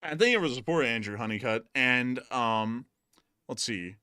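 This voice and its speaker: A man's voice: mid-range voice, expressive, moderate pace, sharp tone, clear, resonant tone, no echo, studio quality. A man hosting a live-streamed news show, casually commenting and reading out viewer chats, with lots of fillers and restarts. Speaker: livestream news host.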